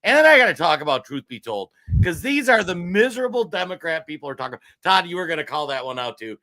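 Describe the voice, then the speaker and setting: Fired-up man, bright voice. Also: a little high, big pitch swings, fast. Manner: heated, raising his voice, worked up. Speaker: co-host. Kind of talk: political commentary show. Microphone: streaming studio mic.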